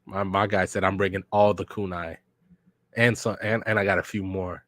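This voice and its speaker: A man casually reading a manga aloud for a reaction podcast, narrating scenes in slangy, relaxed speech and reading character lines without much change in voice. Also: sits low, normal speed, no room sound. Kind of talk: casual read-along reaction.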